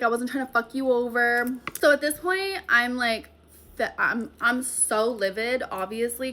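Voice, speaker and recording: Slightly high, bright, and forceful, a young woman's voice carries a casual storytime monologue for her viewers. As a vlogger, she's chatty and profane, leaning heavily on "like."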